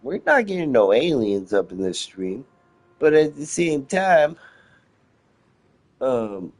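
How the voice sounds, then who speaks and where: A man's voice: mid-range voice, sing-song, slow pace. A man streaming a game, rambling casually with heavy profanity and meandering, laid-back musings.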